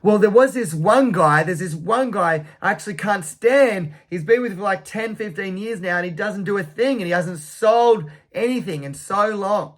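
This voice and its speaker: A blunt, dismissive middle-aged business owner, as a man puts him on in a noticeably higher register than his own. He grumbles in short, clipped complaints. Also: moderate pace, few pauses, lightly acted. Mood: complaining.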